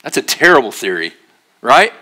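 Bright-voiced man preaching a lively sermon. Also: medium pitch, moderate pace. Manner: animated, jokey storytelling with acted-out voices; drops to a quiet, earnest tone for serious points. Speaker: pastor. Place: church.

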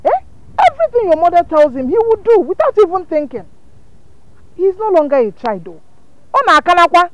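An actress playing a firm but kind aunt figure who soothes and scolds. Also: female voice, very high voice, very animated, a little fast, long pauses, rough recording. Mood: soothing. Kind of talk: film drama.

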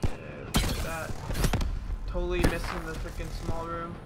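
A high-voiced young man rattles off excitable, swearing commentary as he plays a shooter. Loud gunfire from the game pounds underneath his voice the whole time. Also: normal speed, very noisy. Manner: excitable, cursing, self-mocking. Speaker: gaming channel host. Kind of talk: live gameplay commentary. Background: game gunfire and shots.

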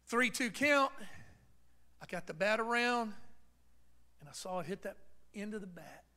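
Pastor, male, high bright voice, storytelling sermon that builds to fervent preaching. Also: expressive, measured pace. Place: church.

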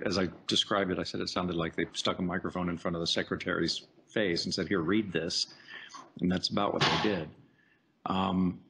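Deep-voiced man telling career stories. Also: slight background noise. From United States. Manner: chatty, animated anecdotes with playful voice impressions. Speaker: voice actor guest. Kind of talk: casual interview storytelling.

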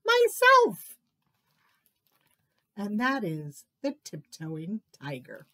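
A woman who works as a children's librarian, reading picture books aloud for children in a slow, expressive storytelling style. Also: medium pitch.

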